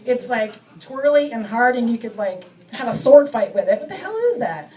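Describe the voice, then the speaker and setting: High-voiced menopausal woman doing stand-up. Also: animated, a little mellow, far from the mic, rough recording. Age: middle-aged. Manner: self-mocking, acts out bits with quick voice shifts. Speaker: stand-up comedian. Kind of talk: stand-up comedy set. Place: comedy club stage before a live audience.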